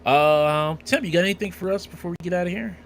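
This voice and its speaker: A man's voice: high voice, quick pace, creaky, a little hiss or hum. A man hosting a casual podcast, joking and rambling with many restarts. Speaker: podcast host. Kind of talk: casual chat.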